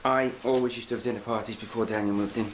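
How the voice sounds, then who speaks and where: A man playing a breezy, fast-talking partner. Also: on the low side, fairly even intonation, background noise, natural voice. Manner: breezy, reassuring. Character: easygoing young man reassuring his partner. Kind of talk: TV drama acting.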